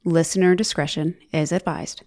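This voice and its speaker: A woman's voice: deep voice, steady tone, moderate pace, warm tone. Gushing Southern-twanged woman podcast host. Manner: gushing, enthusiastic. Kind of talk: casual interview chat.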